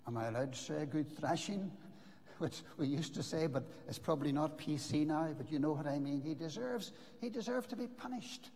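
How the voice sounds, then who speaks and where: An older man preaching a sermon, earnest and emphatic, with dramatic pauses. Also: on the high side, expressive, darkish tone. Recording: long reverb of a large hall.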